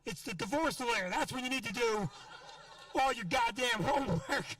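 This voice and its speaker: A middle-aged man works a comedy club stage, ranting in a brash, profane style. His voice sits very high and sounds bright and forceful. The sound is dry and picked up from a distance. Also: normal speed, dry recording. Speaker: stand-up comedian. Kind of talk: stand-up set.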